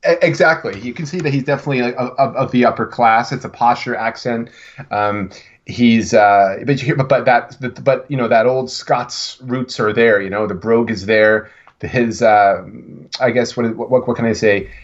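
A man's voice: medium pitch, steady tone, moderate pace. A man co-hosts a podcast in a loose, casual chat. He rambles and restarts his sentences often, and his voice comes through a little muffled. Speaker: podcast co-host.

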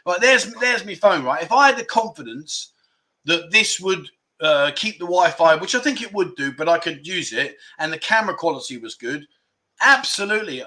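A man's voice: high-pitched, expressive, moderate pace, bright, forceful tone. A man from England hosting a casual livestream, chatting and reading out viewer comments in a rambling, self-deprecating way. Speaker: livestream host. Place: indoors at home.

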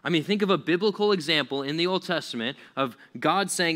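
A male pastor giving a relaxed sermon to young listeners, in a slightly high voice. His tone is bright and forceful, and his delivery is chatty, with plenty of "like" fillers and frequent laughs. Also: brisk, few pauses. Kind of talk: casual youth sermon.

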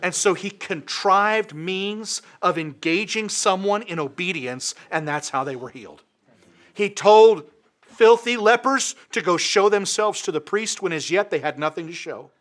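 A man's voice: high voice, animated, a little slow, fairly bright tone. A man preaching a sermon with impassioned, emphatic repetition.

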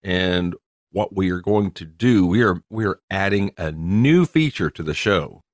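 A man's voice: low voice, animated, measured pace, dry recording, clean studio sound. A man with a Southern US accent co-hosting a podcast in casual, playful chat. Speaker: podcast co-host.

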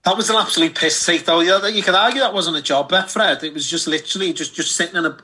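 A man, telling a sweary, animated story in a casual chat. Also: a little high, quick pace, breathy edge. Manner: animated, sweary, acts out voices in anecdotes. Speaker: podcast co-host.

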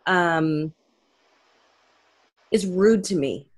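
A woman's voice: on the low side, drawn-out words, husky. A woman hosting a parenting podcast, chatting casually and asking follow-up questions to check she understands. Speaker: podcast host. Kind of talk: podcast interview.

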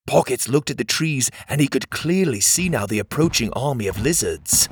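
A man narrating a children's adventure story in an expressive storytelling manner. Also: mid-range voice, normal speed, slightly rough, no room sound.

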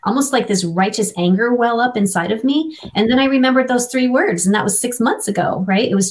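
A woman's voice: on the high side, lively intonation, a little fast, hardly any pauses. A middle-aged woman, an interview guest, sharing a personal faith testimony in an earnest, vivid storytelling manner.

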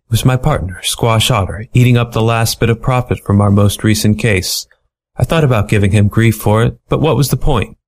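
A man reading a funny noir animal story aloud with a playful, deadpan delivery. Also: on the low side, fairly quick. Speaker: story reader. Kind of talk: storybook narration.

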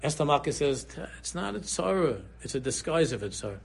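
Animated husky rabbi yeshiva English. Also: male voice, brisk. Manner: animated storyteller, swings between low murmurs and sudden high exclaims. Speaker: rabbi giving a Torah class. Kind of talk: Purim shiur sermon.

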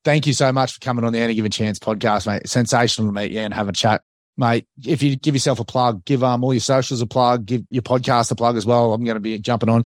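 Fast-talking Australian podcast host. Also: male voice, medium pitch, fairly even intonation, dry recording, clean studio sound. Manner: friendly and matey, quick-talking. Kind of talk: casual podcast chat.

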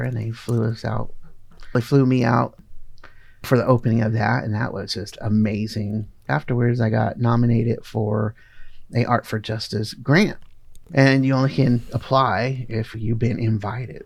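A man's voice: medium pitch, vocal fry, darkish tone, no room sound. A middle-aged man telling his own story in a casual, earnest way, laughing now and then. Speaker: guest artist.

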